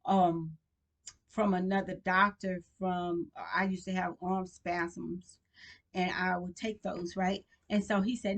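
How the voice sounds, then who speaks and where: A woman speaks straight to her viewers in a casual vlog, her voice sitting slightly low. She rambles through her story with plenty of fillers and false starts, in relaxed, colloquial speech. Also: moderate pace. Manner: rambling, with many fillers and restarts. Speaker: vlogger.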